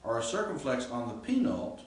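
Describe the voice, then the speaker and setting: A Greek professor delivers an informal, explanatory grammar lecture with frequent student check-ins. His mid-range voice is very animated and a little fast. The distant mic records an echoey classroom with faint hiss.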